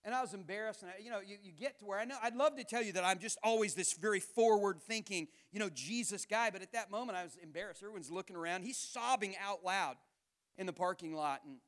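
A male pastor with a notably high-pitched voice, preaching in a conversational, earnest manner. He stumbles into repeated words and restarts as he tells a personal story to his congregation. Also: fast talker, a bit bright. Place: church camp gathering.

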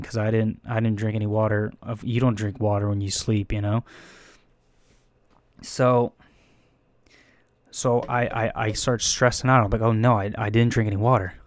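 Telling a casual, rambling story, a young Bay Area man swears a lot, laughs at himself, and voices his own panicked thoughts. His voice sits lowish with fairly even intonation at normal speed, he pauses often, and there is no room sound.

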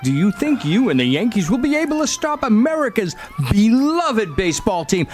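A man's voice: high-pitched, big pitch swings, normal speed, soft background music. A man playing an eager sports reporter pressing with questions in a comedy radio sketch.

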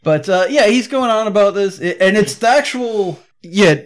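A man's voice: high voice, lively intonation, moderate pace. A man co-hosting a casual podcast, riffing animatedly on a movie, swearing and laughing. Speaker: podcast co-host. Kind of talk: casual chat.

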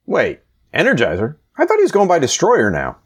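Jokey podcast guy, self-deprecating, recaps comics with a kinda high bouncy voice. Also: wildly swooping pitch, a little fast, slightly rough. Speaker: podcast co-host. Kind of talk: casual comic book recap.

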